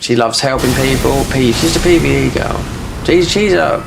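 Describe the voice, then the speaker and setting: A man with a South London accent talks loosely over his gameplay, drifting from one point to another with plenty of restarts. His voice sits at an ordinary pitch with a gravelly, fry-laden edge, and a faint hum of room noise stays under it. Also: normal speed. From London, England. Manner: rambling, gossipy, full of restarts and "you know". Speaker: gaming streamer. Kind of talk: casual chat while playing a game.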